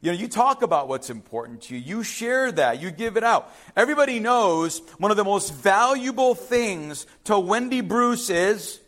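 Male pastor, sermon, high voice, emphatic, repeats phrases, asks questions. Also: lively intonation, normal speed, few pauses, fairly bright tone.

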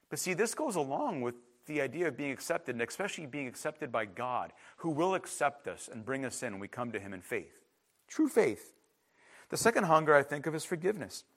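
A man's voice: medium pitch, sing-song, fairly quick, a bit bright. A man preaching a sermon in an emphatic, conversational way, with frequent restarts and asides to the congregation. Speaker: pastor.

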